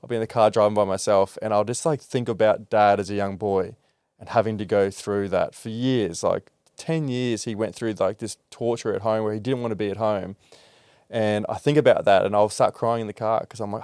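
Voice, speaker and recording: A man's voice: fairly low pitch, fairly even intonation, moderate pace, a little mellow, clean tone, dry recording, studio quality. A man hosting a podcast, talking openly and reflectively about emotional experiences in a loose conversational way. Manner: candid and reflective, with frequent fillers and restarts. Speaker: podcast host.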